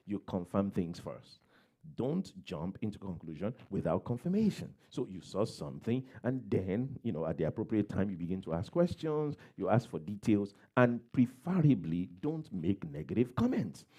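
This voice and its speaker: A man's voice: lowish voice, very animated, normal speed, dark tone. A man preaching a sermon as a pastor, giving plain advice, repeating key phrases and acting out everyday quotes.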